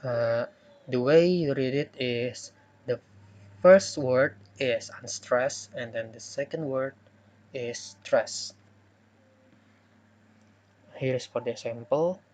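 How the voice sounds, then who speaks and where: Young man, first language Indonesian, student presenter: slow and halting, lots of fillers. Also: mid-range voice, darkish tone. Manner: hesitant, with many "uh" fillers and self-corrections. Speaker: student presenting a poem analysis. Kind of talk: classroom presentation.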